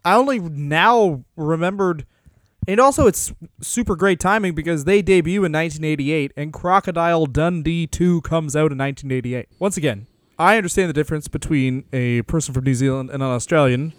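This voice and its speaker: A man's voice: fairly high pitch, brisk, dry recording. A man co-hosting a comedy podcast, telling stories eagerly and laughing along. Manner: laughing, enthusiastic storytelling. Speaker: podcast co-host. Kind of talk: casual comedic podcast banter.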